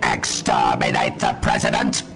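A woman's voice: unhurried, a bit bright, faint music behind, lightly acted. A woman voicing a merciless alien war machine with a grating, barking delivery. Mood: menacing.

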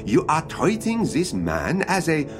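A man's voice: fairly high pitch, huge pitch swings, measured pace, over music. An actor playing a courteous, dry-witted male waiter with a formal, deferential manner. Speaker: restaurant waiter.

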